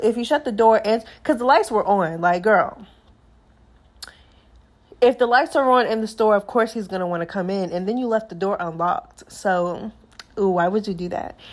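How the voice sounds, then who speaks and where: A young adult woman recapping a movie for her channel in a chatty, animated way, acting out the characters' lines as she goes. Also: mid-range voice. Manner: chatty, animated storytelling with acted-out quotes.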